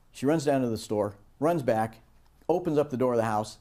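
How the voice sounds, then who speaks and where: A man teaching a course on project management, giving a lecture and bringing it to life with animated anecdotes. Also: mid-range voice, fairly quick. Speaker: course instructor. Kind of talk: lecture with storytelling.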